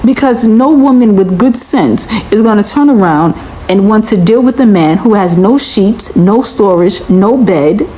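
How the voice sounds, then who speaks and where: A woman delivers a reaction commentary at an unhurried, deliberate pace. She sounds incredulous and lectures steadily, repeating her point over and over. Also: mid-range voice, lively intonation, dark tone, rough recording.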